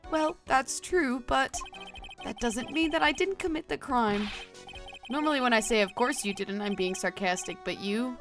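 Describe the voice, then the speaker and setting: Woman voicing a frantic young man, high, shrill, loud, pleading, game music behind. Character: frantic young man shouting his own guilt.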